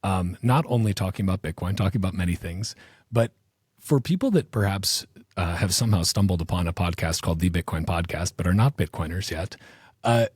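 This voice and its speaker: A man's voice: sits low, brisk, a little mellow, slightly rough, no echo, studio quality. A man hosting a podcast, chatty and digressive, asking long rambling questions. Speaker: podcast host. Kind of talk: casual interview talk.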